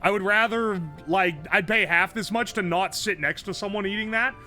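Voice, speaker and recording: A male streamer thinking aloud over a food guessing game, excitable and profane. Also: sits high, moderate pace, faint music behind. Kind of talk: casual game commentary.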